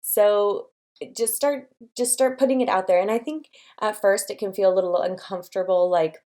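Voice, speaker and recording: A woman's voice: mid-range voice, fairly even intonation, moderate pace, dark tone. A young adult woman hosting her own channel, giving encouraging, chatty business advice to camera with many fillers. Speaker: design studio owner and channel host.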